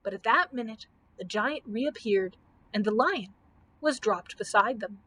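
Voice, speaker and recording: A woman librarian reading a children's storybook aloud with expressive, measured storytelling. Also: mid-range voice, low-quality recording.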